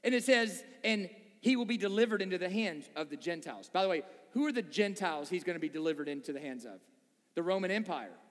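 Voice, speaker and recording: Male preacher, high voice, lively and jokey, long hall reverb. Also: fast. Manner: animated, joking asides and acted-out voices. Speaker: pastor. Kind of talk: sermon.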